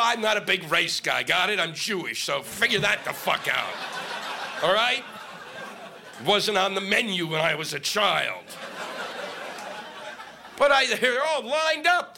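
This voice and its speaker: A man ranting through a stand-up set, his pitch leaping up high and swinging wildly as he works himself up. The live recording carries clear noise from the room around him. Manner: profane, ranting, sarcastic. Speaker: stand-up comic. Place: live comedy venue with laughing audience.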